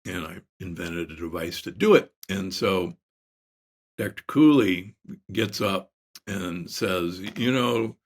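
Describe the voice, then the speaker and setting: An older man, a doctor guest in an interview, telling stories in a lively way with lots of restarts. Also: low-pitched, slow. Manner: animated storyteller with many restarts. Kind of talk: casual interview storytelling.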